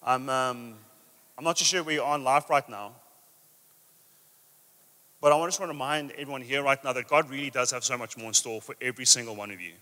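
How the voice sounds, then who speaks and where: A man preaching a sermon to a live church audience, emphatic and energetic, easing into soft drawn-out phrases. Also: medium pitch. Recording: reverberant hall with soft guitar behind.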